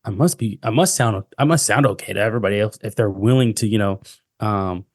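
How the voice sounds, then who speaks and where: A man's voice: fairly low pitch, fairly quick, no room sound, studio quality. A man who is a podcast guest, talking casually and thoughtfully, often restarting his sentences. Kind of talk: casual chat. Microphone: podcast microphone.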